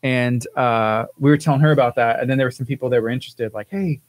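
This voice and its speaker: A man's voice: mid-range voice, fast, no room sound, low-quality recording. A man hosting a morning radio show, chatting and joking easily in the studio. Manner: easygoing, joking. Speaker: radio host. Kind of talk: casual studio banter.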